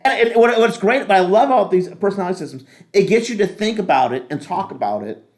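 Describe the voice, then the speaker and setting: A man's voice: high-pitched, animated, fast talker. A middle-aged man, a pastor, teaching a leadership class in a casual, rambling, joking way with many restarts.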